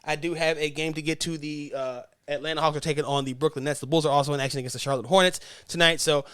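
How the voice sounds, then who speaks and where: A man's voice: a little high, steady tone, quick pace, background noise. A man hosting a sports podcast, talking casually and with strong opinions, rambling a bit and correcting himself as he goes. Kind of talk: casual sports talk monologue.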